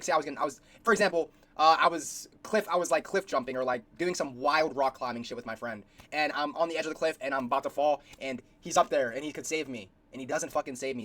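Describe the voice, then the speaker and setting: A man's voice: mid-range voice, pushed and bright. A young man casually rambling through a reaction video, slangy and full of fillers.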